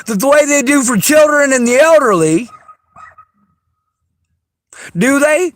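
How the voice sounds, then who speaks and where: A man venting in an angry, profane rant, often shouting and swearing hard. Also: very high-pitched, animated, unhurried, pauses often, dry recording. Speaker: vlogger.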